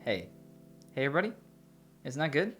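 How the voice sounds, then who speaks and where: A man's voice: a little high, sing-song, fairly quick, fairly bright tone, slightly rough, faint music behind. A man chatting casually and teasing his co-host while they draw together. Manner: playful, teasing, jokey. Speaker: co-host drawing with a partner. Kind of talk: casual chat while drawing.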